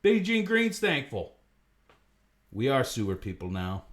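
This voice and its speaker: A man hosting a comedy livestream, swearing constantly and ranting, swinging from low mutters to loud outbursts. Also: wildly swooping pitch, a little slow. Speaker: comedy show host. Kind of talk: profane comedic livestream monologue.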